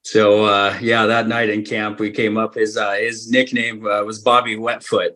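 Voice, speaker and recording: A man from Alaska, a hunting guide, tells a story on a podcast with easy, unhurried energy. He laughs often and acts out what people said in quick bursts. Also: on the low side, flat delivery, pushed and bright.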